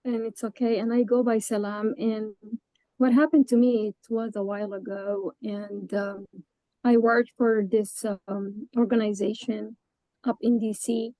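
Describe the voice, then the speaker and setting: A woman tells a personal account in a webinar, feeling her way through it with frequent pauses and restarts. Her voice sounds close and dry, with no room around it. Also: medium pitch, little pitch movement, dark tone, no room sound, low-quality recording. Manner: hesitant, with many fillers and restarts. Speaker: webinar participant.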